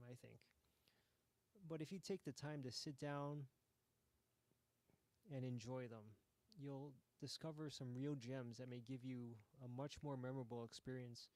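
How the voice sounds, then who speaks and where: A man hosting a game jam, giving relaxed, hesitant commentary with frequent ums while playing a game. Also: medium pitch, dry recording.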